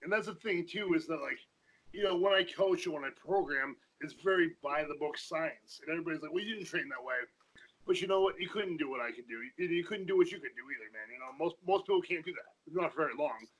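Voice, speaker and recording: A former powerlifter guesting on a podcast, talking in a casual, profane rush full of restarts. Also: male voice, a little high, lively intonation, fairly bright tone, poor audio. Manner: fast, profane, repeats himself in restarts. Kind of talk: casual chat.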